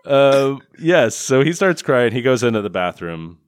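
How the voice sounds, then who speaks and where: A man's voice: medium pitch, big pitch swings, unhurried, clean tone, no room sound. A man recapping a film scene by scene in casual, profane chat, laughing and acting out lines. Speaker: podcast co-host reviewing a film.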